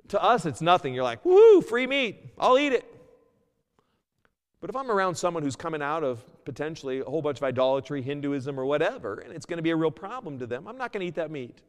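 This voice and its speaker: A man preaching a sermon as pastor, earnest, moving between loud emphasis and a quiet plea. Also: on the high side, expressive, quick pace, big-room sound. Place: church sanctuary.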